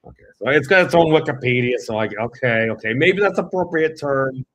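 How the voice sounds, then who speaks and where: A man's voice: mid-range voice, expressive, brisk, a bit bright. A man from New England, co-hosting a podcast and giving rambling, self-interrupting commentary while reading an article. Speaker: podcast co-host.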